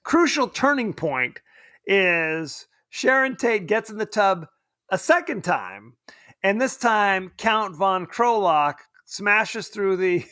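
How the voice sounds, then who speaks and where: A man's voice: high-pitched, pushed and bright, no room sound, clean studio sound. A man co-hosting a podcast, chatting casually and jokingly about a film, laughing often. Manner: joking, laughs often, puts on silly voices. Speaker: podcast co-host. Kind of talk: casual film review chat.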